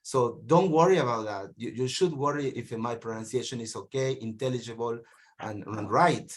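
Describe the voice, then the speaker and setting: A man's voice: mid-range voice, normal speed. A man from northern Peru with a Peruvian accent, a teacher hosting an online meeting over a video call, friendly and rambling, often repeating words. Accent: Peruvian (Piura). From Piura, northern Peru. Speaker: meeting host and university teacher.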